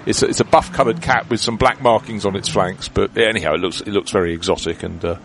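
A man's voice: fairly low pitch, steady tone, quick pace, creaky. A man giving live motorsport commentary, chatty and explanatory as he breaks down the race. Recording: commentary with loud car noise behind.

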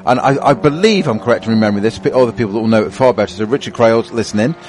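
A man's voice: on the low side, very fast, a little mellow. A man co-commentating on motorsport, telling anecdotes in a rambling way with many restarts.

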